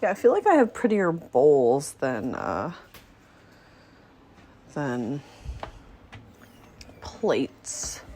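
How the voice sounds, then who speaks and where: A woman with a low-sitting voice talks very slowly, pausing often, with a little hiss or hum in the background. She's cooking at home in her small apartment kitchen for a vlog, chatting to the camera in a relaxed, rambling way and thinking aloud.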